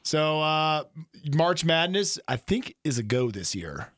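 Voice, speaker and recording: A man's voice: a little high, very animated, takes it slowly, a bit bright, no echo, studio quality. A man hosting a casual sports radio show, upbeat and loose as he steers the segments.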